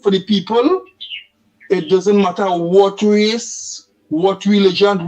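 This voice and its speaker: A man's voice: high voice, a little mellow, rough recording. A man calling in to a radio talk show, speaking earnestly and repeating himself. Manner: earnest, repetitive. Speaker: radio caller.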